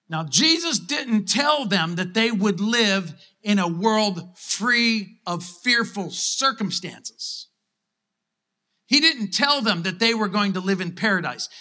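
Bright, high-voiced male pastor preaching. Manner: conversational and playful, acting out skeptical disciples. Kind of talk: sermon.

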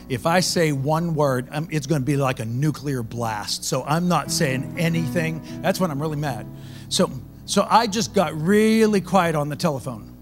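A male pastor delivers a sermon as a loud, conversational story. His voice sits a bit high for a man. Guitar music plays clearly underneath him.

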